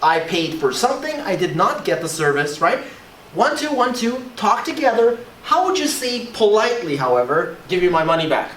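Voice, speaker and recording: An animated teacher leads a classroom lesson, the pitch rising and falling constantly. The voice keeps checking in with the students. It sits at a distance from the mic in a reverberant room. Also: normal speed. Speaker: English teacher. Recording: echoey room, voice from far off, faint hiss.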